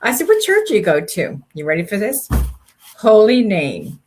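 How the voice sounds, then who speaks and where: An older woman co-hosting a faith-based talk show, chatting casually and telling animated stories with acted-out dialogue. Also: medium pitch, fast, noisy background. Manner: animated storyteller, acts out quoted speech. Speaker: co-host.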